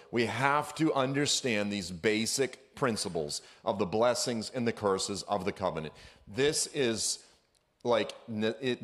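A man giving an energetic, conversational sermon as a guest speaker in a church, with casual slang and frequent asides. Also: mid-range voice.

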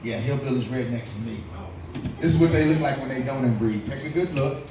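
Profane comedian from Kentucky, echoey club. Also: male voice, medium pitch, brisk. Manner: loose, profane storytelling with punchlines. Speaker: stand-up comedian. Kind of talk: stand-up comedy set. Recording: very echoey club from far off, noisy. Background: club crowd laughing.

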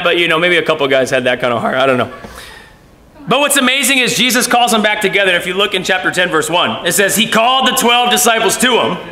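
A man preaching a lively sermon, acting out quoted voices and laughing often. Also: high voice, echoey room. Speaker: pastor.

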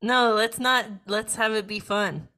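A woman's voice: on the high side, steady tone, a little slow, bright, forceful tone. A woman hosting a casual podcast chat, playful and giggly, egging her guest and co-host on.

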